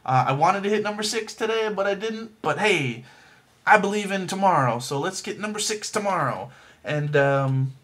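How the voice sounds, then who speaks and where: A man's voice: high voice, expressive, normal speed, fairly bright tone. A man casually reviewing a movie, rambling with lots of fillers and restarts and making self-deprecating jokes. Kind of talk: casual chat.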